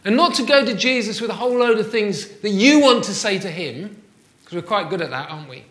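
A man with a fairly high voice delivers a sermon from the front of a church. He keeps it conversational, tossing rhetorical questions at the congregation. The sound is roomy, with the reverberation of the church hall around his voice. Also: lively intonation, brisk, fairly bright tone. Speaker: pastor.

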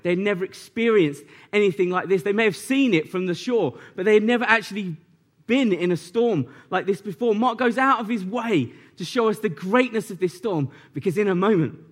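A man's voice: high voice, fairly bright tone. A man preaching a sermon in a conversational way, retelling scenes with rising animation. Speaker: pastor.

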